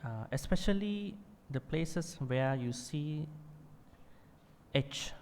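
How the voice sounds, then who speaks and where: A man's voice: a little high, animated, takes it slowly, a little mellow, slight background noise. Male monk teaching in a reverberant hall. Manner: explains patiently, fillers, demonstrates chanting. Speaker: Buddhist monk teaching Pali. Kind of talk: classroom teaching.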